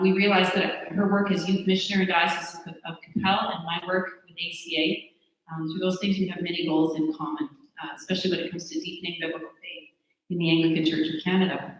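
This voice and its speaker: A woman giving earnest introductory remarks for a speaker at a church conference, with frequent "um" fillers. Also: on the low side. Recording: very echoey hall with long reverb.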